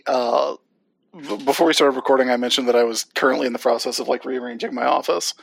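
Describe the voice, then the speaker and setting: A man's voice: medium pitch, creaky, dry recording, rough recording. A man hosting a podcast, chatting casually with hesitant, stumbling starts. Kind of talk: casual chat.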